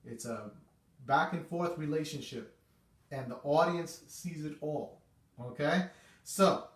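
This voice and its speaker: A man's voice: fairly high pitch, slow. A man teaching a casual music lesson on conducting, chatty and repetitive, often checking in with "okay". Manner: chatty, repeats itself, says okay often. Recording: echoey room, mic at a distance.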